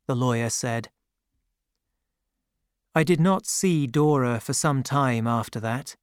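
A man reading a simplified classic novel aloud as a narrator, slow and careful, giving the characters light voices. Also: mid-range voice, clean tone, no echo, clean studio sound. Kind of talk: scripted audiobook narration.

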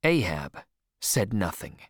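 A man narrating an adventure story as a scripted audiobook, expressive and measured. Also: lowish voice, slightly rough, dry recording, clean studio sound.

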